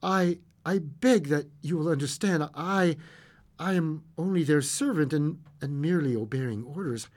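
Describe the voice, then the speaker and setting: A man doing a stammering, hushed messenger. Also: on the high side, a little slow, pitched above the performer's own voice. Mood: somber. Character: hesitant, uneasy male messenger of bad news.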